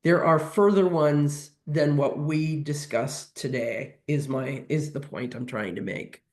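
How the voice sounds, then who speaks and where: A woman's voice: low voice, measured pace, darkish tone. A woman who works as a veterinary nutrition technician, answering audience questions in a webinar, hesitant with many fillers and restarts.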